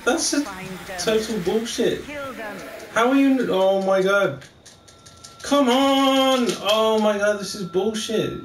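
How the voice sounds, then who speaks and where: A man's voice: sits high, slow pace, pauses often, a little hiss or hum. A man playing a video game and commenting live, grumbling and swearing in frustration as things go wrong. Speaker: gamer playing the killer. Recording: echoey room with loud game sirens.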